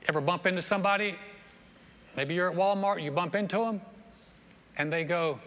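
Bright-voiced pastor preaching in a hall. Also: male voice, high-pitched, brisk, long pauses. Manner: lively, repeats phrases, acts out bystanders' voices for humor. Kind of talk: sermon. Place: church auditorium. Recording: long hall reverb, faint room noise.

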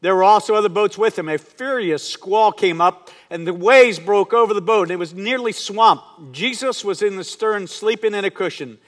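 High-voiced pastor preaching in a reverberant hall. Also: male voice, normal speed, hardly any pauses. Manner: earnest, swings from hushed to rising emphasis. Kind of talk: sermon.

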